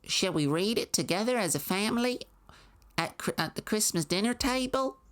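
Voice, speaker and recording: A woman's voice: medium pitch, animated, moderate pace, pitched above the performer's own voice, close to an everyday voice. A woman putting on the voice of a cheery, naive small-town mother who dotes on her son. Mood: doting, cheery. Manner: sugary, doting, oblivious.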